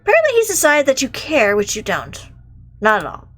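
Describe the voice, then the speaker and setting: Lively woman reading a game aloud. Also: high-pitched, brisk. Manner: animated, reacts with exclamations and swearing. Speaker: game streamer. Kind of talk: reading a visual novel aloud with commentary.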